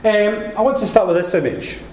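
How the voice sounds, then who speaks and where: Scottish male lecturer, mellow voice, roomy hall, faint background hum; relaxed and jokey with the crowd. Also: sits high, a little fast. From Scotland. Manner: chatty, joking, animated. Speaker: guest lecturer. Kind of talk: public lecture. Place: lecture room.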